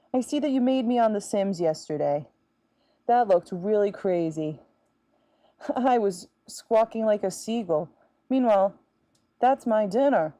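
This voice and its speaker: A woman's voice: mid-range voice, mellow, no room sound. A woman voicing a goofy female fish-girl sea creature, playful and theatrical, on a close mic during a live game stream. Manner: playful, theatrical, teasing the cat. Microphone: close to the mouth.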